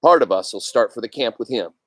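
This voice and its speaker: A man's voice: mid-range voice, expressive, quick pace, a bit bright, dry recording, studio quality. A man reading aloud and voicing a stern grown man who takes command of a search party. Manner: firm, commanding.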